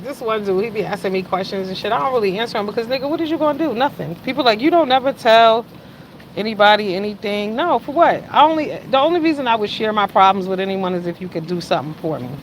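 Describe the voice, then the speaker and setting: A woman around fifty chatting casually with her livestream viewers, swinging between loud exclamations and low mutters. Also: racing, few pauses, a little hiss or hum. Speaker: livestream host.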